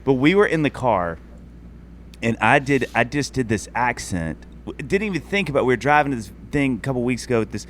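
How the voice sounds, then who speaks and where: A man in his forties hosting a casual podcast chat, enthusiastic and quick to laugh as he retells family moments. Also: mid-range voice, animated, fairly bright tone, a little hiss or hum. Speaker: podcast host.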